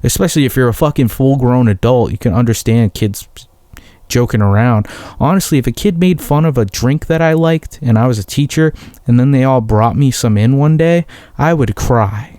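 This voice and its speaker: Mellow-voiced man, profane, rambling. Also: medium pitch, moderate pace, dry recording, studio quality. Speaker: podcast host. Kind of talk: casual solo storytelling.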